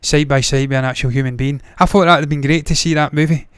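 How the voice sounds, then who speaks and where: A man's voice: fairly high pitch, steady tone, fast, fairly bright tone, smooth, no room sound, studio quality. A man hosting a movie news show, talking casually with blunt, profane opinions and frequent tangents. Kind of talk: casual solo commentary.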